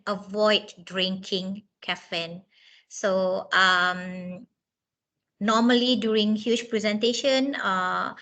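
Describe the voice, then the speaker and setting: A woman's voice: a little high, pushed and bright, low-quality recording. A woman trainer giving a chatty training lecture, with many fillers and restarts, laughing often.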